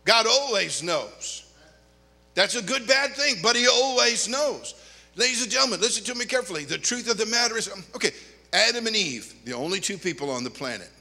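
An older male pastor preaching in a church, his high, sharp voice animated and full of joking asides. It rings with a long reverb from the sanctuary. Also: quick pace. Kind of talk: sermon.

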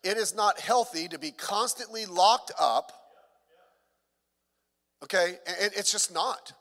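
A man's voice: high-pitched, takes it slowly, a bit bright, long reverb tail. A middle-aged man, a pastor, preaching a sermon in a conversational way with joking asides.

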